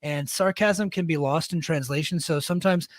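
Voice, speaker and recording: A man's voice: fairly high pitch, moderate pace, no room sound, studio quality. A middle-aged man co-hosting a podcast, talking bluntly in a casual, storytelling way and often tagging on "right?". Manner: blunt, storytelling, fond of "right?" tag questions. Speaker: podcast co-host; military leader.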